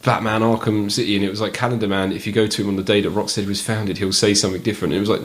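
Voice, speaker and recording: A man's voice: on the low side, steady tone, rapid-fire, hardly any pauses. Giggly man telling game stories. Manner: giggly, laughs through his own anecdotes. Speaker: podcast co-host. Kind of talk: casual chat about video games.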